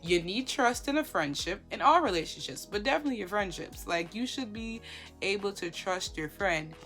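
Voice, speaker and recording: A woman giving casual commentary, talking in an animated way with lots of rhetorical questions and fillers. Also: mid-range voice, moderate pace, soft background music.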